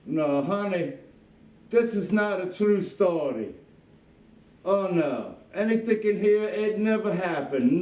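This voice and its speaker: A man's voice: high-pitched, animated, slow pace, far from the mic, dull audio. A man delivering a rambling, exaggerated comic monologue in a drawling manner. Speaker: comic storyteller. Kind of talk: comedic monologue. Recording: roomy sound from off mic.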